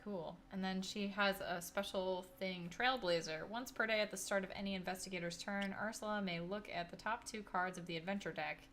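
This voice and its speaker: A woman's voice: mid-range voice, fairly even intonation, a little fast, hardly any pauses, a bit bright, slight background noise. A woman playing on a board game stream, casual and bubbly, with playful exclamations. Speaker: board game show player. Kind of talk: casual play on a live stream.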